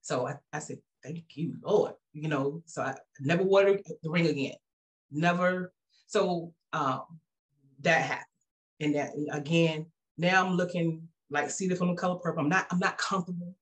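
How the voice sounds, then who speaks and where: At normal speed, the woman recounts her church testimony as a guest, in a personal, conversational way. She acts out quoted voices with big leaps in pitch, and her casual talk is full of restarts.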